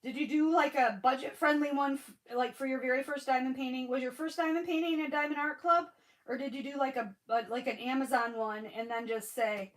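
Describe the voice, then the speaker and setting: A middle-aged woman on a craft livestream chats casually with her audience, gushing and naming commenters as she answers them while sniffling after a cry. Her high voice is animated and brisk, and the recording sounds rough.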